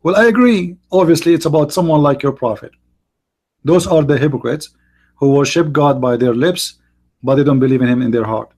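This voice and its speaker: Husky man hosting a live stream. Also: fairly high pitch, darkish tone. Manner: halting, many fillers and restarts. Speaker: host. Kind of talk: live-stream debate talk.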